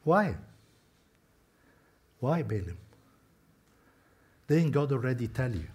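A man's voice: medium pitch, sing-song, takes it slowly, a little mellow, slightly rough. A man preaching a sermon, telling a story conversationally and talking straight to his listeners. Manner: storytelling, talks to listeners directly.

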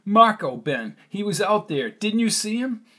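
A man's voice: high voice, sing-song, a little slow, pushed and bright, voice pushed up, heavily acted. A man voicing an anxious, frightened woman in an audiobook, with pleading, upset delivery. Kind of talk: audiobook character reading.

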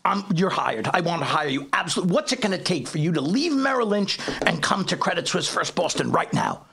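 A man putting on a flamboyant English businessman, high-pitched, gravelly, effusive and eager. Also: sing-song, brisk, fairly bright tone, full character voice. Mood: gushing. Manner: effusive, eager, breathless with praise.

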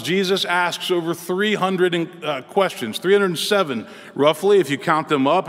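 Male pastor, high voice, earnest measured sermon delivery, recorded with long hall reverb. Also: a bit bright. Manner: earnest, measured preaching with pauses.

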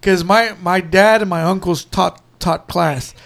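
A man's voice: high voice, measured pace, creaky, fairly bright tone. A middle-aged man chatting casually while watching a film, telling stories and laughing often. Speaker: co-host reacting to a film. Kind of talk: casual watch-along chat.

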